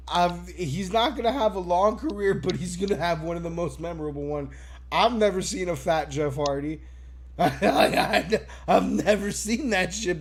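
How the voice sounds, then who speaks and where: A man on a casual wrestling podcast, excitable and profane, laughing often. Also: high voice, a little hiss or hum. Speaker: podcast co-host.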